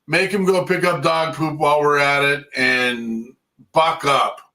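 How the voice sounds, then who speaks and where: Bright-voiced, teasing man co-host. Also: fairly high pitch, fairly even intonation, a little slow, rough recording. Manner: teasing, joking banter. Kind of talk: casual livestream chat. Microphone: video call setup.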